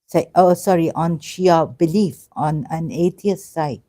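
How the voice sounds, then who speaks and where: A woman hosting a casual livestream on religion, talking haltingly with many fillers and apologies, then pressing rhetorical questions. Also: deep voice, warm tone. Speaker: livestream host. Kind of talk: casual live-stream talk on religion.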